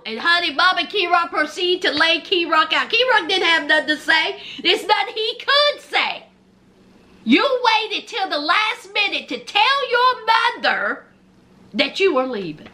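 Woman, sassy reality-show recapper: high, bright voice, swoops up and down as she gossips. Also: animated, unhurried. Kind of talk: animated show recap commentary.

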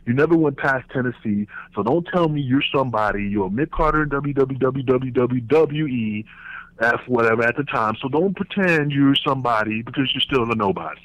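New man, forties, animated foul-mouthed storyteller, slightly dull podcast sound. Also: medium pitch, moderate pace, no room sound. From New York. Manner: profane, animated, acts out voices in anecdotes. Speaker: wrestling podcast guest. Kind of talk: casual storytelling. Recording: slightly muffled podcast audio.

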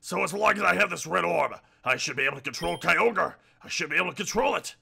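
A hot-headed villain gang leader, as a man voices him for a game playthrough, loud and theatrical, his throat sounding strained. The voice is bright and gravelly, with pitch jumping all over. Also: lively intonation, quick pace, exaggerated voice. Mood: defiant. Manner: loud, theatrical, often shouting.

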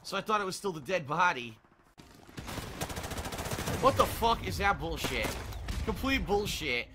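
A man's voice: high voice, sing-song, unhurried, background noise. A man giving frustrated, swearing commentary over his own gameplay. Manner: frustrated, swearing, ranting at the game. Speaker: gaming commentator. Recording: faint gunfire behind voice. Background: game gunfire and explosions.

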